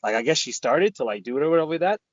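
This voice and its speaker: Talking very fast in a fairly high, expressive voice, a man co-hosting a podcast spins a rambling, profane story and voices his friends' lines. The recording is rough, with no room sound.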